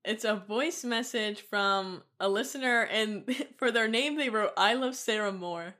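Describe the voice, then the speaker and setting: A woman's voice: mid-range voice, measured pace, bright, forceful tone. A woman co-hosting a podcast in casual comedic chat, giggly and playfully teasing. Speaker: podcast co-host.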